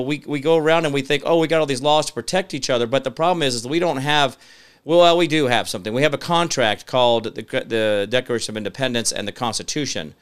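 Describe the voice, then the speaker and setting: A man's voice: mid-range voice, a bit bright, clean tone. A man hosting a live-stream show, talking emphatically and reading viewer comments, rambling with many fillers. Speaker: show host.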